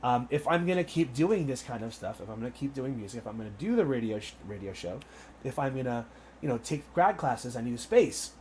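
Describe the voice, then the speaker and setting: A man's voice: mid-range voice, big pitch swings, brisk, a little mellow, slight background noise. A man hosting an interview show from his small home studio, chatty and eager, often tripping over his words. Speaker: podcast host. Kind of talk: casual interview chat.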